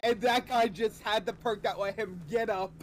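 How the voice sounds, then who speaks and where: A man's voice: high voice, fairly even intonation, normal speed, a little hiss or hum. A man co-hosting a game stream, teasing his friend with playful, laughing commentary.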